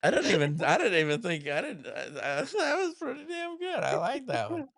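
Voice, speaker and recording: A man's voice: high voice, huge pitch swings, moderate pace, creaky, fairly bright tone, no room sound, clean studio sound. A man hosting a casual live stream chat, teasing his guests and laughing often. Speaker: stream host.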